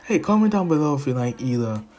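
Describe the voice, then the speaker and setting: A man's voice: medium pitch, very animated, fast talker, a little mellow. A man casually retelling a fan-made anime story, rambling and doing voices for the characters. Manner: rambling, laughing to himself, does voices.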